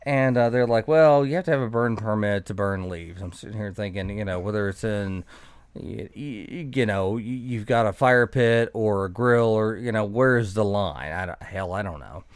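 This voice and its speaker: A man's voice: on the low side, moderate pace, smooth, dry recording. A man telling a rambling, profane, sarcastic story in casual podcast chat. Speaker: podcast guest.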